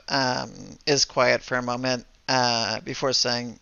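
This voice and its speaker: A man narrating as game master in a tabletop game, halting with many fillers. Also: mid-range voice, steady tone, vocal fry, bright, forceful tone, clear, resonant tone, no room sound, highs cut off. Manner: hesitant, full of fillers.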